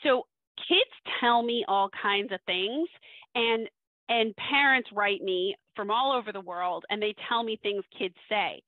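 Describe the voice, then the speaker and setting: A woman's voice: mid-range voice, measured pace, no echo. Woman coaching over thin phone-like audio. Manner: conversational teaching, frequent "right?" asides. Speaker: webinar speaker, social skills coach. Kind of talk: webinar presentation.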